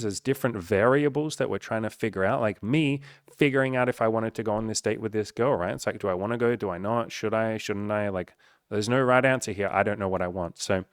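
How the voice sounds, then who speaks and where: A man's voice: lowish voice, dry recording, clean studio sound. A man, a dating coach talking casually and frankly to camera, swearing freely and filling his talk with casual filler words.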